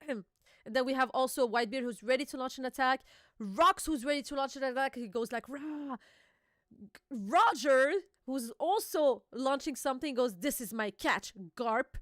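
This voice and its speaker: A woman hosting a casual reaction chat, excitable, swearing freely and laughing often. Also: high-pitched, moderate pace, dry recording, studio quality. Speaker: host.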